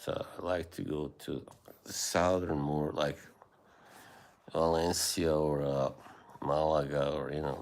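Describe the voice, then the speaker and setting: Man, deep voice, unhurried, rambling livestream chat, lots of ums and soft laughs. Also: creaky. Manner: rambling, hesitant, many fillers and soft laughs. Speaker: livestream host. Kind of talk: casual livestream chat with viewers.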